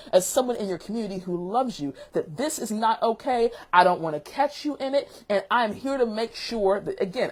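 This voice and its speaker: A woman teacher hosting a casual chat vlog, an animated storyteller who calls people baby and sweetheart. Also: fairly low pitch. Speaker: teacher and show host.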